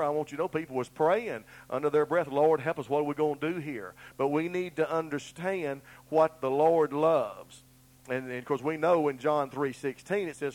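A man's voice: medium pitch, low-quality recording. A middle-aged man, preaching a sermon in a folksy, earnest way and telling down-home stories. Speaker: pastor.

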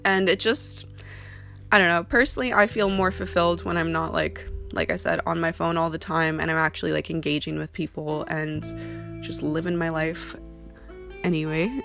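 A woman's voice: low-pitched, normal speed, creaky. A young woman who works as a model, giving casual career advice in a chatty way, full of ums and likes. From Canada. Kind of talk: casual talking-to-camera advice. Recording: soft guitar music underneath.

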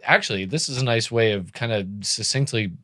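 A man's voice: medium pitch, brisk, a bit bright, dry recording, studio quality. A man in casual movie talk, thoughtful and analytical, cursing now and then.

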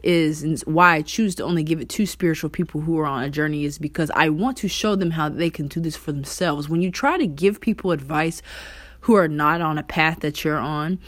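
A woman's voice: low-pitched, brisk, no echo. A woman talking casually to the camera about spiritual energy, loose and conversational, swearing now and then. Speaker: vlogger.

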